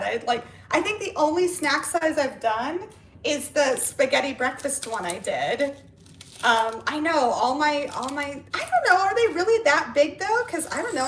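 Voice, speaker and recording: A woman with a slightly raised voice hosts a casual live stream from home. She is chatty and excitable, and she gets higher and louder when something thrills her. The room around her has a noticeable echo. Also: slight background noise. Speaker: livestream host chatting with viewers. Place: at home with barking dogs. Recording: echoey room.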